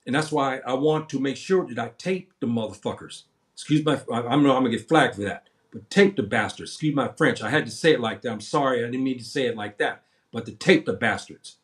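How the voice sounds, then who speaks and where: Old guy in his 70s on a livestream, fired up, rambles, keeps repeating himself, mid-pitch voice. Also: quick pace. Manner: heated, repetitive, rambling with many restarts. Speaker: livestream host. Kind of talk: impassioned livestream monologue.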